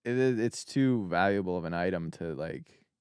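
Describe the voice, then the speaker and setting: A man playing in a tabletop game, relaxed and quick to laugh. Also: low voice, clean tone, no room sound, studio quality. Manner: laughing, unhurried. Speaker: player. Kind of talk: casual tabletop play.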